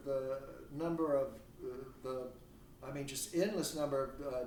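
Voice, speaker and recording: Speaking from home, a male literature teacher gives an online lecture that drifts conversationally, with strong emphasis on important words. His pitch is fairly high, and the off-mic, roomy recording carries slight background noise.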